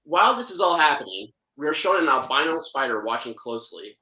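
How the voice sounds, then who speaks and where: A man recaps a film's plot for a casual podcast with deadpan, mock-serious sarcasm. His voice is bright and sharp, and the room around him rings with noticeable echo. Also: mid-range voice, brisk. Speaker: co-host film reviewer.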